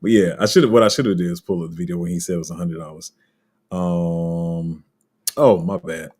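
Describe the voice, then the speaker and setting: A man with a very low, husky voice talks loosely through crypto news on a livestream. He rambles, restarts and answers his viewers' comments as he goes. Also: fairly even intonation, moderate pace, darkish tone. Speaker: crypto streamer.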